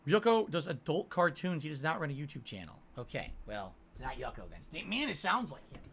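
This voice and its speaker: A man's voice: fairly high pitch, very animated, brisk, vocal fry, hardly any pauses, fairly bright tone, a little hiss or hum. A man hosting his own livestream, reading viewer messages and answering them defensively, often asking "right?". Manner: defensive, talks to chat with frequent "right?". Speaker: streamer answering chat. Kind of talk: casual livestream chat.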